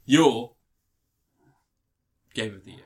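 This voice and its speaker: A man's voice: medium pitch, slight background noise. A man co-hosting a podcast in casual chat, eager and often restarting his sentences. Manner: quick, restarting, enthusiastic. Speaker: podcast co-host.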